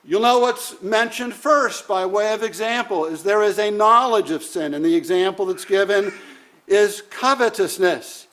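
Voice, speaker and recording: A man preaching a sermon in a measured, deliberate way, with frequent "uh" pauses. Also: high-pitched, fairly bright tone. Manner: measured, deliberate, with many "uh" fillers.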